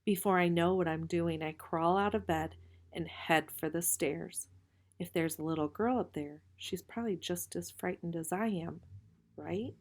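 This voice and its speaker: Woman reader, novel read aloud, measured and calm, slightly low voice.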